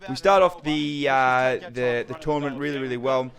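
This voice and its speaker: Excitable Australian bloke calling his own footy. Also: mid-range voice, normal speed. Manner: excitable, slangy play-by-play. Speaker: footy player narrating his own game footage. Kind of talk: mic'd-up sports commentary.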